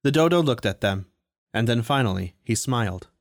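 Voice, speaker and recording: A man reading a story aloud in a steady, even storytelling manner. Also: mid-range voice, normal speed, no room sound, clean studio sound. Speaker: audiobook reader. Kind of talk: storytelling narration.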